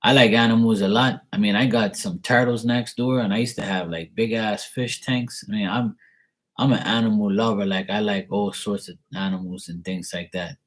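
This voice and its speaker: Man, deep low voice, rambling casual livestream chat, laid-back, candid. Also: fairly even intonation, moderate pace. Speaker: live tarot reader. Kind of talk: casual live-stream chat.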